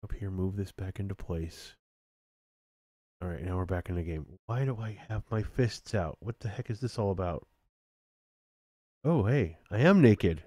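A man's voice: deep voice, animated, moderate pace, pauses often, warm tone, dry recording, studio quality. A man casually commenting on his own game stream, laughing at himself as he goes. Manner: self-mocking, laughs at himself.

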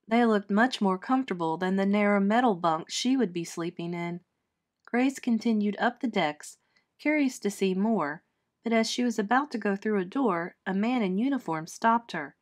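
A woman teacher reading a children's chapter book aloud with clear, expressive storytelling. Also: medium pitch, normal speed.

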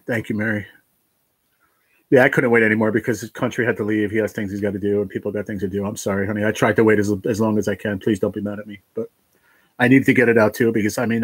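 A man hosting a livestream, crying and thanking his viewers in a heartfelt, halting way. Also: lowish voice, little pitch movement, slightly rough, dry recording. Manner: tearful, heartfelt, halting with restarts. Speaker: livestream host reading chat. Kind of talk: emotional livestream chat.

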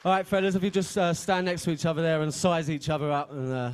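A man's voice: a little high, flat delivery, quick pace, clear, resonant tone. A man emceeing a live beatbox event on stage, chatty and joking as he hypes the crowd. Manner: hyping the crowd, chatty and jokey. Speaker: event host.

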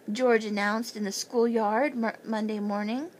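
A woman's voice: fairly high pitch, fairly even intonation, a little slow, hardly any pauses, a little mellow, poor audio. A woman reading a children's chapter book aloud as a bedtime story, lifting her voice for the children's lines.

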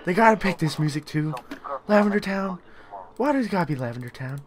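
A young man giving let's play commentary on a horror game, yelling, swearing and panicking in fright. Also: on the high side, sing-song, very fast, a crowd in the background. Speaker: gamer.

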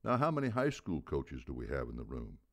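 A man with a very deep voice playing a gruff, blunt baseball coach in his seventies who barks out rhetorical questions. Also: wildly swooping pitch, a little fast, full character voice. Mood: barking. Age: 70s. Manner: barking, booming rhetorical questions.

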